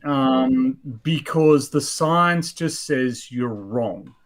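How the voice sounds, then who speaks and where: A man's voice: medium pitch, animated, very slow. A man in his fifties hosting a casual chat, blunt and rambling with many fillers. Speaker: host.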